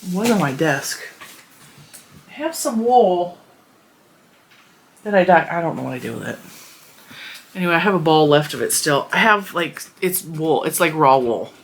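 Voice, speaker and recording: A woman's voice: low voice, expressive, moderate pace, pauses often, husky. A woman in her thirties chatting casually to her viewers, rambling with frequent fillers and restarts. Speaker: crochet vlogger. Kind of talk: casual chat.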